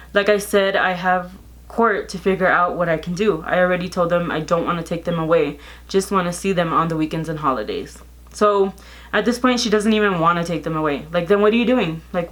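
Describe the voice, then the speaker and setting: Speaking in a lowish voice and a little fast, a woman in her 30s tells a storytime about a family feud on her vlog. She quotes the texts out loud, animated and clearly exasperated.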